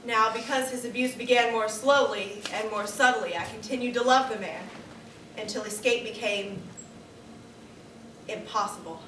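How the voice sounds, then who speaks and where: A woman's voice: a little high, a bit bright, a little hiss or hum. Woman giving a reflective stage monologue. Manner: reflective, diary-like, measured. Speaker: performer of a dramatic monologue. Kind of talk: staged first-person dramatic monologue. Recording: echoey room, distant camera mic.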